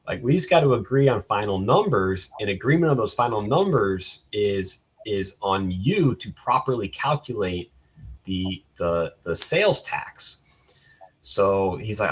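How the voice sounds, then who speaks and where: A young man co-hosts a casual podcast, recounting a story with frequent laughs. His voice sits low with a husky edge. He slips into quoted dialogue as he goes. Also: animated, moderate pace. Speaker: podcast co-host. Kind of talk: casual chat.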